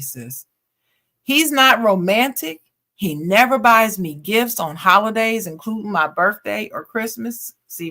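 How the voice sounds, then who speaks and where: A woman podcast co-host reading a listener's letter aloud in an expressive way, breaking off now and then for casual slangy asides. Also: medium pitch.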